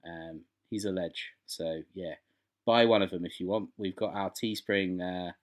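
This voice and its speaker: A man's voice: sits low, steady tone, a little slow. A man co-hosting a podcast, chatting casually and enthusiastically, rambling through his points. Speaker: podcast co-host. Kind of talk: casual chat.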